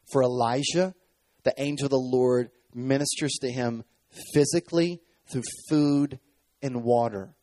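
A man's voice: mid-range voice, steady tone, measured pace, dark tone, dry recording. Man in his thirties preaching from a stage. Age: 30s. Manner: storytelling with acted-out dialogue. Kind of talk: sermon.

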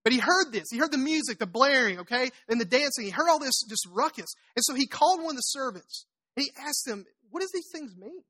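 Woman preacher with a somewhat high voice, animated storyteller who acts out the characters' lines in her sermon. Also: fast talker, slightly rough. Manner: chatty asides to the congregation.

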